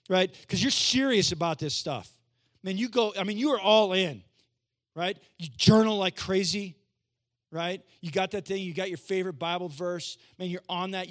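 A man preaching a sermon as pastor to his church, conversational, repeating phrases and asking "right?", moving between quiet lines and loud emphasis. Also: high voice.

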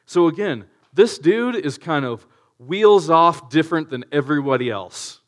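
A male pastor preaching in a relaxed, conversational way, using slang and asking the audience rhetorical questions. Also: a little high, moderate pace. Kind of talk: conversational sermon.

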